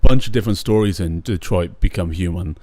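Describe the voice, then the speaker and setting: A man's voice: sits low, fairly quick, warm tone, no room sound. A young man co-hosting a podcast, talking casually and ranting bluntly with plenty of swearing. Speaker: podcast co-host. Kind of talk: casual chat.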